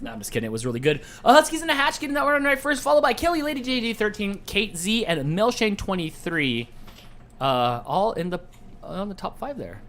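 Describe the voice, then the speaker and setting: A man's voice: high voice, sing-song, a little fast, a bit bright. Playful man hosting a live trivia show. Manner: playful, jokey, easily distracted. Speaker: trivia game show host. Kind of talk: casual live-stream hosting.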